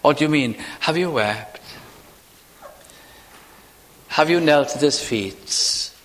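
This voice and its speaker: A man preaching a chapel sermon, asking repeated rhetorical questions and moving between loud and hushed delivery. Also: fairly high pitch, expressive, slow pace, slight background noise. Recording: long reverb of a large hall.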